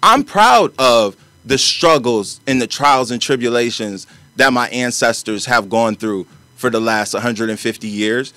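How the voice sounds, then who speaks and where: A man's voice: medium pitch, expressive, a little slow, bright, forceful tone, dry recording. An American man hosting a casual debate, earnest and reasoning his point step by step. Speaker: podcast host.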